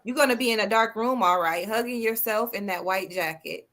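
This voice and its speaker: American woman, podcast co-host: bright, forward tone; loose, joking, profane banter. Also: medium pitch, fairly quick. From United States. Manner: playful, profane, teasing banter. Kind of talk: casual chat.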